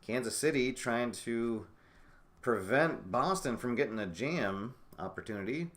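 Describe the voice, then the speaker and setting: A man giving play-by-play commentary on a tabletop roller derby game he is playing, musing with fillers and sudden bursts of excitement. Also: medium pitch, unhurried.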